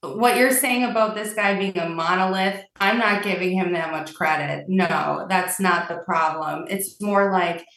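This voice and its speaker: Female caller, frustrated and hesitant, slow, distant and roomy. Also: on the low side, fairly bright tone. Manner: halting, frustrated, lots of fillers. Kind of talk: casual phone-in chat.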